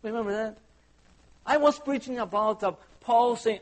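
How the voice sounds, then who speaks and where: A man's voice: very high voice, normal speed. A man preaching a sermon as pastor, conversational and humorous, often asking the congregation questions. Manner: humorous asides.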